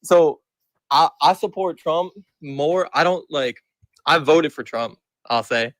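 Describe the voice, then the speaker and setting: A man's voice: on the high side, slow, fairly bright tone, no room sound. A young man of eighteen with a Michigan accent, calling into a stream to debate, casual and hesitant with lots of slang. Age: young adult.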